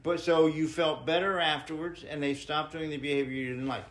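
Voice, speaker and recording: A man co-hosting a podcast, talking calmly and gently in a casual conversation about honest communication. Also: on the high side, brisk, poor audio. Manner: gentle, calm and mild even when voicing anger. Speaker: podcast co-host.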